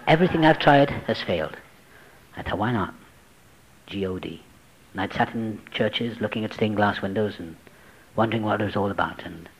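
A man telling his recovery story to a group, acting out the voices he quotes and dropping to a hush at tense moments. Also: mid-range voice, breathy edge, low-quality recording. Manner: dramatic, acts out quoted voices, drops to hushed tones. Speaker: speaker sharing a recovery story. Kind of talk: personal testimony, storytelling.

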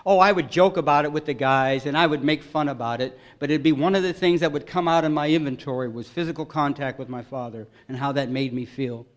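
A man giving an earnest, emotional personal testimony at a recovery meeting, voice swelling loud at its peaks. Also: a little high, fairly quick, few pauses.

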